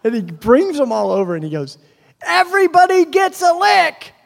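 A man voicing an excited, generous little street boy who shares a treat with his friends. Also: sits high, a little fast, vocal fry, exaggerated voice. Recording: long hall reverb.

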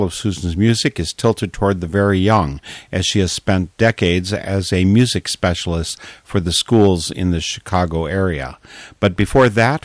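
Male radio host, very low voice, slow and reverent, dry studio sound. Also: dry recording. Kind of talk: measured scripted intro then interview.

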